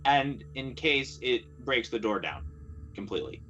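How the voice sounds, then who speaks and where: A man's voice: mid-range voice, very animated, unhurried, fairly bright tone. A hesitant, stammering man chats his way through a tabletop horror game. His mic sounds dull and lo-fi, with faint music in the background. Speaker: player. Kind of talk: casual tabletop game play.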